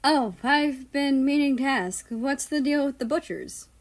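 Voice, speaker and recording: A woman's voice: sits high, measured pace, pitched above the performer's own voice. A woman voicing a drunk young man who talks in a playful, teasing way.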